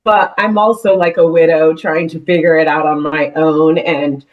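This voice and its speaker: Brief: tearful woman on a video call, lower voice, halting and apologetic. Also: fairly even intonation, dull audio. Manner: halting, with nervous laughs and apologies. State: teary, voice wavering. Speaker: real estate agent on a team call. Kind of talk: personal sharing on a video call.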